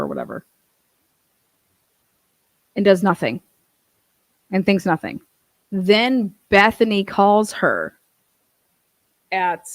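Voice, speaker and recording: A woman's voice: fairly low pitch, no room sound. A woman giving casual true-crime commentary, blunt and incredulous, swearing freely.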